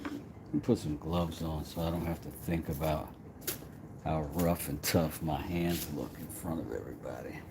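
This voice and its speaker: This man has a bass voice with a steady tone and talks at normal speed. He streams live while doing woodwork, chatting casually, joking, and talking to himself, over noisy background ambience.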